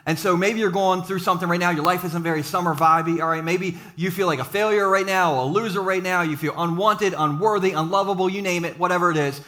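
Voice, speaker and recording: A man preaching a sermon to a live church audience, mixing jokes and quick asides with his encouragement. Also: on the high side, pushed and bright. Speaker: pastor.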